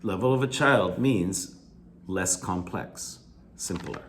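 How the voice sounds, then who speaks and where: A man with a fairly low voice goes through a reading passage in a video lecture. He restates each hard word with plain synonyms and says things twice. He lifts his pitch on examples, and his phrase ends fall off quietly. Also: slow pace, slight background noise. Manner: restates key words with simple synonyms, often repeating himself. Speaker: English teacher. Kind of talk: video lecture going over reading answers.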